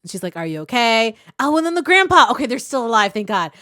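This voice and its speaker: A young woman hosting a comic reaction video, talking casually, swearing and shouting at the story, then calmly giving advice on writing characters. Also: fairly high pitch, racing, no echo, clean studio sound. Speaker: webcomic reaction host.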